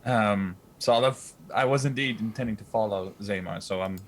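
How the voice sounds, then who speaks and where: A British man playing a tabletop game, calm and soft-spoken, with some hesitation. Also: on the low side, moderate pace. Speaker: player.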